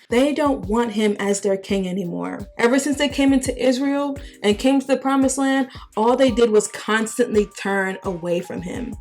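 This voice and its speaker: A young adult woman hosting, retelling Bible stories in a lively, slangy, conversational way. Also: medium pitch. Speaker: host. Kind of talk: casual Bible storytelling.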